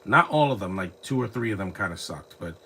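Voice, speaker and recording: A man's voice: lowish voice, animated, brisk, vocal fry, pushed and bright, slight background noise. A man casually rambling through a live movie commentary, full of restarts and fillers, recorded on a phone at home. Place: home, lives near trees.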